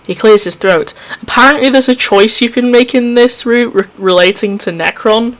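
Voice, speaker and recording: A man's voice: extremely high pitch, moderate pace, fairly bright tone. Jumpy man reading a horror game aloud. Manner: reads game text aloud, breaks off with jumpy, self-mocking asides. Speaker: let's play host. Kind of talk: reading a visual novel aloud with commentary. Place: home recording setup.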